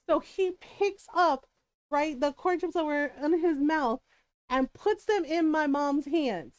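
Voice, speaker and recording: A middle-aged woman with a high voice chats on her stream and tells stories from family life. She laughs a lot and keeps checking in with her listeners. Her voice sounds close and dry on the mic. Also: unhurried, dry recording. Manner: laughs often, keeps asking "right?". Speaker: streamer and mother. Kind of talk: casual storytelling chat on a live stream.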